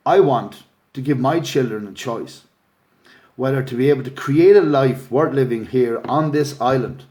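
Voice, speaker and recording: A middle-aged man with an Irish accent pleads earnestly into a phone or laptop mic, his voice sitting at an ordinary mid pitch. He talks in a heartfelt, emotional way, like an activist rallying his followers live. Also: a little mellow. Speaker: activist livestream host. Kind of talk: impassioned livestream appeal. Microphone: phone or laptop livestream.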